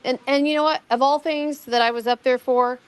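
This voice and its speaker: This middle-aged guest has a high, clean-toned voice with fairly even intonation and talks a little fast. In casual conversation she rambles through her own amateur investigation, often repeating words, beginning sentences again and quoting what others said.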